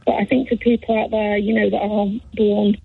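A woman's voice: mid-range voice, level tone, fairly quick, gravelly, breathy edge, dry recording. A woman calling a radio phone-in, talking hesitantly with many fillers and repeats. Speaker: caller. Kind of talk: phone-in call. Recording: tinny phone line.

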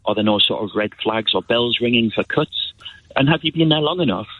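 A man's voice: mid-range voice, lively intonation, fairly quick, dry recording. A man from northeast England calling in to a radio show, talking in an earnest, hesitant way, with a northeast English accent. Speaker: caller. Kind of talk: phone-in call. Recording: tinny phone line.

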